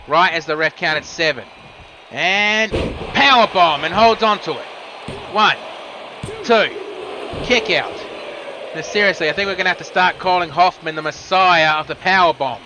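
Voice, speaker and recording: A man's voice: fairly high pitch, noisy background. Man calling wrestling play-by-play. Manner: rapid move-by-move calling with casual asides. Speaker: wrestling commentator. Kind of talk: play-by-play commentary.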